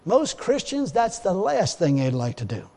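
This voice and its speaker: High-voiced man preaching in a hall. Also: very animated, moderate pace, a little mellow. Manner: emphatic, folksy, with repeated restarts. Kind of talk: sermon.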